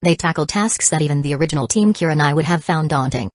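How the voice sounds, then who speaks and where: Deep-ish lady voice reading a novel aloud, steady and even, super dry sound. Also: fast talker, dry recording. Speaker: audiobook narrator. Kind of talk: scripted novel narration.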